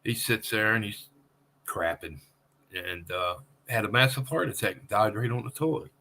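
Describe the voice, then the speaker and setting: A man hosting a podcast, asking questions and telling his own story in a relaxed, conversational way. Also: lowish voice, moderate pace, creaky. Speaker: podcast host. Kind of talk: casual podcast chat.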